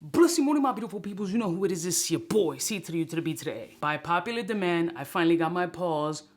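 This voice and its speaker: A man hosting a casual fragrance review, talking in an animated, slangy, joking way. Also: high-pitched, fast.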